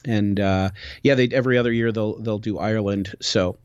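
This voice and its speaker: A man hosting a podcast, telling a travel story in casual chat, animated and full of restarts. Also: on the low side, normal speed, clear, resonant tone, dry recording. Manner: animated, rambling with many restarts. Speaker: podcast host. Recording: dull, dry lo-fi recording.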